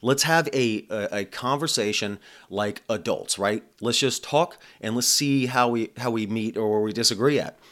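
A man's voice: on the low side, moderate pace, fairly bright tone. A man hosting his own podcast, talking in a blunt, profane, rambling casual monologue. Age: adult. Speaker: podcast host.

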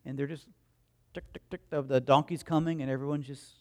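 A man's voice: medium pitch, brisk. A man preaching a sermon as pastor, telling stories in a conversational way and acting out the quotes of the people in them. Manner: animated storytelling, acts out voices and crowd quotes; conversational, asks the congregation questions.

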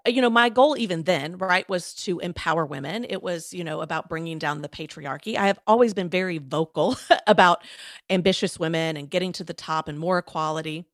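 A woman's voice: lowish voice, brisk, no room sound, studio quality. Chatty woman telling her story. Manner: chatty, animated, lots of fillers and quoted asides. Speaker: guest, former lawyer turned coach. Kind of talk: casual interview storytelling.

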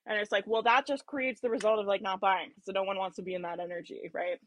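A woman's voice: mid-range voice, fairly even intonation, fast talker. A woman giving a motivational business talk, emphatic and repetitive, often acting out whiny self-talk and laughing at herself. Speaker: business coach.

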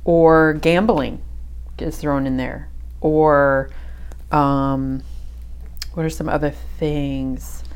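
A woman's voice: deep voice, steady tone, drawn-out words, pauses often, smooth. A middle-aged woman co-hosting a faith podcast, chatting casually with lots of fillers and restarts. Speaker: podcast co-host.

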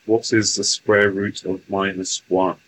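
A man speaks as a channeled presence in a very low voice. His delivery is slow and deliberate, with oddly formal, stilted phrasing. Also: level tone, fairly bright tone, a little hiss or hum, low-quality recording. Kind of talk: channeling session.

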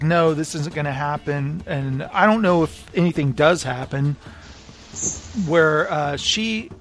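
A man's voice: fairly high pitch, fairly bright tone. A man co-hosting a casual book talk, animatedly retelling the plot and acting out the characters' lines. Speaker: podcast co-host.

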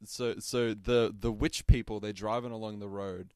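A man on a podcast, joking his way through a film recap. His voice is smooth and resonant, the sound is close and dry, and he drops into silly voices for the characters. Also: fairly low pitch, moderate pace, no room sound. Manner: jokey, animated storytelling with silly put-on voices. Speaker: podcast co-host. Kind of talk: casual chat recapping a film.

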